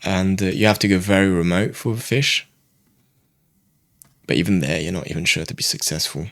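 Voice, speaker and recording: A young man from France with a French accent, telling a fishing story as a guest in a casual, animated chat. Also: deep voice, normal speed, creaky, dry recording, clean studio sound. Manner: animated storyteller, loose and chatty.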